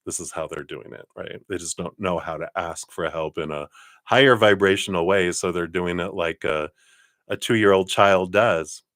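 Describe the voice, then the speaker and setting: Guy reading tarot cards on a live stream, low voice, chill and chatty, laughs a lot, dry close sound. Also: normal speed, no echo. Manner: relaxed and chatty, laughs often. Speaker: tarot card reader.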